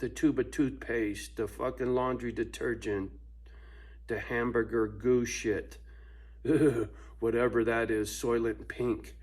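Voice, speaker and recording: A man's voice: medium pitch, flat delivery, takes it slowly, a little mellow, slightly rough. A man ranting casually to camera at home, profane and laughing often between points. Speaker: vlogger. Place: at home with his dog.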